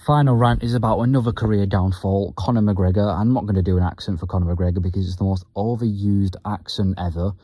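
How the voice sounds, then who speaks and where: Blunt man ranting fast. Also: fairly low pitch, fairly even intonation, dark tone, dry recording. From Britain. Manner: blunt, profane, rambling rant. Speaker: vlogger. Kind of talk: sports rant vlog.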